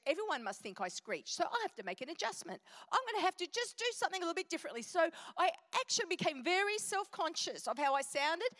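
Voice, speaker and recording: A middle-aged woman giving a lively storytelling talk as guest speaker at a women's church event. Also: extremely high pitch. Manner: animated, storytelling. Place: church auditorium. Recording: reverberant church hall.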